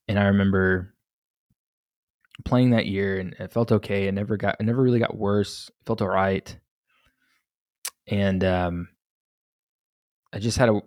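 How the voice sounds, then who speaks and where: A man's voice: fairly low pitch, a little mellow, no echo, clean studio sound. A young man hosting a solo podcast, telling his story candidly and with a lot of swearing, full of restarts. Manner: candid, profane, rambling with restarts. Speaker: podcast host.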